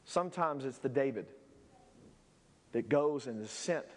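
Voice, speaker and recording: A male pastor preaching a sermon, swinging between shouted peaks and low, quiet asides. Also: expressive, measured pace, in a large hall.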